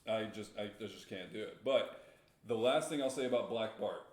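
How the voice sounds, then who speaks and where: A man's voice: on the low side, moderate pace, echoey room. A man co-hosting a podcast, casually retelling a story with rambling restarts and chuckles. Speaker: podcast co-host.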